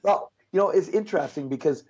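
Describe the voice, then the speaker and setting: Gravelly-voiced man telling a blunt story. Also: a little high, quick pace, lo-fi sound. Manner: animated, blunt, peppered with mild swearing. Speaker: guest speaker, success coach. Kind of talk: storytelling in a conversational interview.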